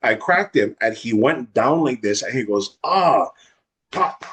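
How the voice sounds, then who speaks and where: A young man from Hawaii, telling a wild personal story in a fast, unfiltered way as a podcast guest. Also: mid-range voice, animated, a bit bright, husky. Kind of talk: casual storytelling.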